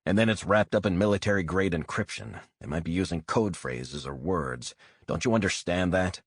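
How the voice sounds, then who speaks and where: A blunt, hot-headed male operative, voiced by a male narrator, forceful and profane in a low, husky voice. The reading is dry and close. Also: moderate pace, dry recording.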